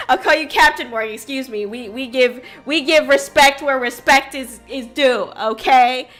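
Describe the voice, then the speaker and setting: Bubbly bright-voiced woman streamer. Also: sits high. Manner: bubbly, chaotic, greets chat loudly; frequent laughter. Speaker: streamer host. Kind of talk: casual livestream chat.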